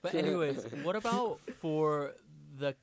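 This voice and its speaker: A man's voice: a little high, lively intonation, unhurried, crowd noise. A young man hosting a student radio talk, steering the panel with questions.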